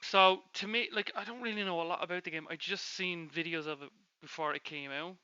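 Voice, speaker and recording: Teasing young guy, bright sharp voice, muffled lo-fi mic. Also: fairly high pitch, smooth, no room sound. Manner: teasing, quick to laugh. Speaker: podcast co-host. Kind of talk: casual gaming chat. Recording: dull lo-fi mic.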